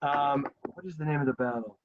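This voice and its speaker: Male history teacher, storytelling lecture, slightly high voice, muffled lo-fi audio. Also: a little fast. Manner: animated, acts out quotes in a casual voice. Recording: dull lo-fi sound.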